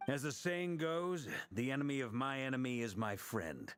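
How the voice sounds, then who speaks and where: A man's voice: mid-range voice, lively intonation, moderate pace, smooth, no echo, lightly acted. An actor playing a confident male knight commander in a video game. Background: game music.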